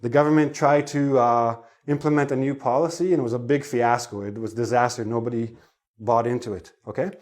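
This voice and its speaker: A man's voice: medium pitch, fairly even intonation, fairly quick, a little mellow. A man teaching an English pronunciation lesson online, explaining in a chatty way and asking his viewers questions.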